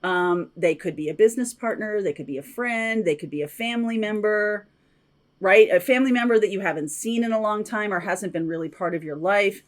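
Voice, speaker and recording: Woman tarot reader, casual and chatty, mid-pitched, loose and intuitive delivery. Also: a little fast. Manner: chatty, intuitive, frequent fillers and asides. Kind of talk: casual spoken tarot reading.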